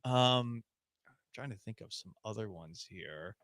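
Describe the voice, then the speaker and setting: A man's voice: fairly low pitch, expressive, unhurried, fairly bright tone, no echo, studio quality. A man hosting a sports radio show, chatting casually, often laughing and letting his voice drop to a mumble. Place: radio studio. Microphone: studio mic.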